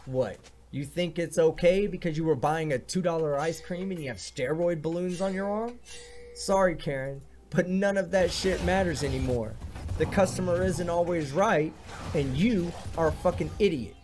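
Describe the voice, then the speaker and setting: A man's voice: on the high side, moderate pace, a little mellow. A man hosting a reaction video, delivering sarcastic commentary full of blunt, profane insults. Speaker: video host reacting to clips.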